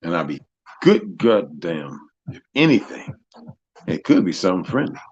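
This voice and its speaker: A man hosting a live stream, telling stories in a profane, animated way that swings from loud to soft. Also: deep voice, normal speed, breathy edge, dry recording, highs cut off. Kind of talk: casual storytelling chat.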